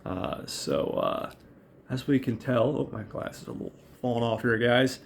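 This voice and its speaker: A man's voice: medium pitch, animated, normal speed, vocal fry, a little hiss or hum. A man hosting a casual show and recapping a film in a chatty, rambling, profane way. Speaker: podcast host.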